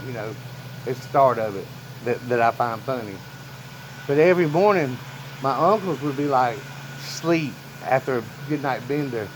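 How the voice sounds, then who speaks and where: A man's voice: mid-range voice, a little hiss or hum, poor audio. A man in a casual storytime vlog, rambling through family memories and chuckling often. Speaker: vlogger telling family stories.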